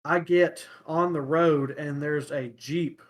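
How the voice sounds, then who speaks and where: A young man hosting a casual podcast chat, telling everyday stories in a halting way, often pausing to search for words. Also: on the high side, steady tone. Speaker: podcast host.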